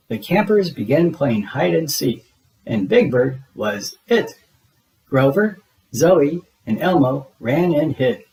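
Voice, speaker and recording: A man reading a children's picture book aloud, expressive and unhurried. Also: medium pitch, low-quality recording. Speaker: read-aloud narrator.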